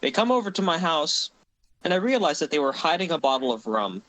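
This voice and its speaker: Rambling young man, a bit high-pitched. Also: big pitch swings, a little fast, fairly bright tone, poor audio. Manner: rambling, laughing storyteller with frequent restarts. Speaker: mod developer and podcast host. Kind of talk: casual podcast storytelling.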